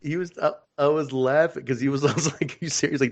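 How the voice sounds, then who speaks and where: A man's voice: a little high, fast. A man co-hosting a wrestling podcast in casual chat, telling stories animatedly and laughing as he goes. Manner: animated storyteller, laughs while retelling. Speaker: podcast co-host. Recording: slightly dull lo-fi sound.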